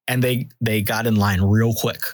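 A man narrating as game master of a tabletop role-playing game, describing scenes in a measured way. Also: on the low side, fairly even intonation, dry recording.

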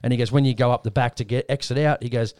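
In rapid-fire, mid-range speech, an Australian podcast host rambles through a casual story and impersonates the people he quotes. The lively retelling is recorded in studio quality with no echo.

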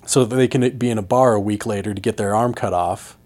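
A man co-hosting a podcast, talking in an animated, emphatic and opinionated way. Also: fairly low pitch, a little fast. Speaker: podcast co-host. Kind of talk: casual chat.

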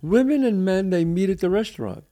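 An older man hosts a casual podcast chat in a gravelly voice that swings up and down as he tells stories. He talks in a streetwise, old-school way and often repeats his words as he goes. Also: high-pitched, fairly quick. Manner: animated storyteller, repeats words, street-wise. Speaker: podcast host.

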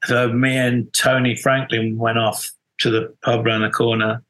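On a rough recording, a middle-aged man speaks in a level, mid-range voice at normal speed with a slightly bright quality. He's a musician guest in a casual interview, wandering through stories full of restarts and quotes he acts out.

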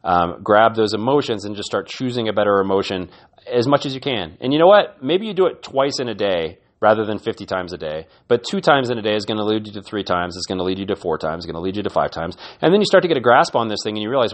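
A man's voice: on the low side, lively intonation, fast talker. A man hosting a podcast, giving an earnest, encouraging motivational talk and often repeating his words. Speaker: podcast host.

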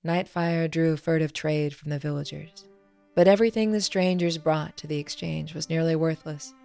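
A woman author narrating her own fantasy story in a measured storytelling manner. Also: deep voice, fairly even intonation, vocal fry, a little mellow, clear, resonant tone, no echo, faint music behind.

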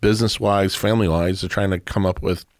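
A man's voice: low-pitched, fairly even intonation, fairly quick, no echo, clean studio sound. A man in his fifties hosting a casual chat, reflecting in a conversational way. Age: 50s.

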